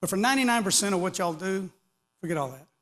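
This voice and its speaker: A man's voice: high voice, animated, fast talker, fairly bright tone. A middle-aged or older man giving a casual, rambling technical talk to an audience, with joking asides. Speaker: conference speaker. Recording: long hall reverb.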